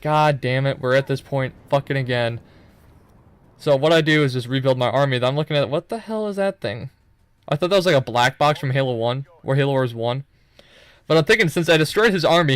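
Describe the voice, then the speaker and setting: A man's voice: medium pitch, a bit bright, no room sound. A young man giving loose, profane, rambling commentary over his own gameplay footage, full of joking asides.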